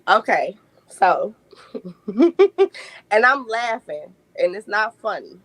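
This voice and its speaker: A woman, a podcast guest telling lively family stories and laughing often. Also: medium pitch, extremely slow, no room sound, poor audio. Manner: animated storyteller, laughs often. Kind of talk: casual podcast chat.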